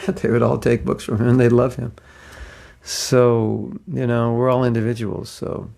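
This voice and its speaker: Older male teacher, raspy edge, anecdotal, mid-pitched and chuckling. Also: flat delivery, moderate pace, warm tone. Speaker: spiritual teacher. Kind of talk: casual religious class.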